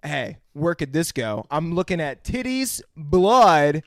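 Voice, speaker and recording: A man's voice: a little high, very animated, slow, no echo, studio quality. A young man co-hosting a podcast, trading crude, laid-back movie talk full of "bro" and "dude". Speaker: podcast co-host. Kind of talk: crude comedic movie-review banter.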